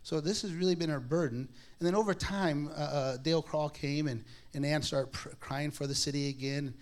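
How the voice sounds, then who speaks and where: In sermon-style storytelling, a man with a slightly high, steady voice at normal speed relates his personal testimony to a congregation. He pokes fun at himself, acts out the dialogue he quotes, and frequently restarts and laughs.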